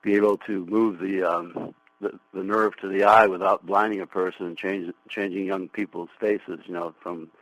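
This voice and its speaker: Older male caller, very low voice, rambling, restarts, radio call, dry. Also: flat delivery, moderate pace, a bit bright, no echo, rough recording. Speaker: caller, plastic surgeon.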